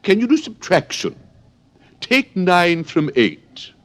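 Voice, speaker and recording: A man reading an audiobook, voicing an imperious, scolding old queen in a shrill, emphatic manner. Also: wildly swooping pitch, takes it slowly, heavily acted. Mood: bossy.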